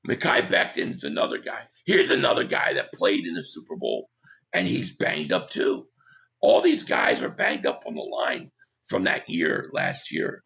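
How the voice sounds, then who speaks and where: A hoarse man with a gravelly, creaky voice hosts a casual live stream, reading viewer comments and agreeing or pushing back bluntly. His voice sits fairly low but swings widely in pitch. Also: huge pitch swings, sharp tone. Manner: opinionated, quick agreement with viewers.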